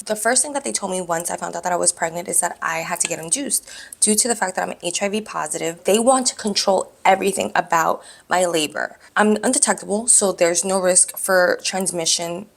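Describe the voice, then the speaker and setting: Woman vlogger with vocal fry, candid and animated, personal story to camera. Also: mid-range voice, a little fast. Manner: candid, animated, acts out dialogue.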